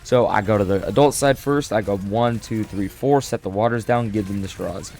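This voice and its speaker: A young man telling a casual storytime, animated and self-deprecating, often restarting his sentences. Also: on the low side, normal speed. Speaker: storyteller vlogger.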